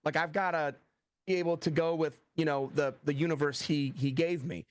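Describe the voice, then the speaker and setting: A middle-aged American thriller author chats through a casual interview, his voice a little high and his pace moderate with no echo. He tells stories animatedly, acts out quoted dialogue, and says "like" often.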